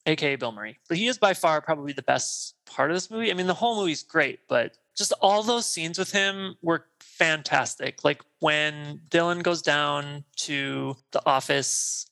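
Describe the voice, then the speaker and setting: A man's voice: on the high side, moderate pace, creaky, few pauses, sharp tone. A man in his thirties co-hosting a podcast, recapping a film in casual chat and acting out the characters' lines. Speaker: podcast co-host.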